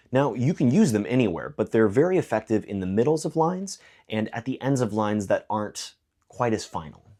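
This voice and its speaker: A man explaining songwriting in a clear video lesson, with dry joking asides. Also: mid-range voice, dark tone. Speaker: songwriting teacher.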